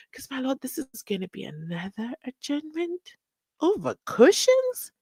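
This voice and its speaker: A woman's voice: mid-range voice, dry recording. A woman, hosting a live stream, reading viewer comments and acting out the people she quotes with sarcasm. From South Africa.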